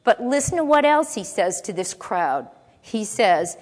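A woman's voice: mid-range voice, very animated, a little slow. A woman teaching a sermon, reading Bible verses aloud and explaining them in a conversational way with asides to her listeners. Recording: long echo of a large hall.

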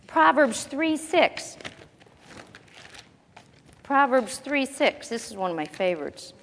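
A woman with a high voice gives a conversational Bible teaching. She talks casually and often puts rhetorical questions to her listeners. Her voice rings with a long reverb, as in a large hall. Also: expressive, takes it slowly, pauses often. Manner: chatty, asks the audience rhetorical questions.

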